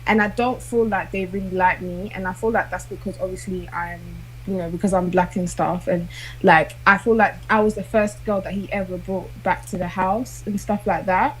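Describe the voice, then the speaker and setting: A woman's voice: mid-range voice, steady tone, moderate pace, slight background noise, poor audio. A young woman telling a personal dating story in casual chat, hesitant and full of fillers. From South London. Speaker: guest.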